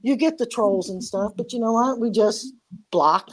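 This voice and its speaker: A woman's voice: on the high side, normal speed, heavy background noise. A woman co-hosting a casual podcast, chatty and giggly, often trailing off mid-sentence. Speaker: podcast co-host.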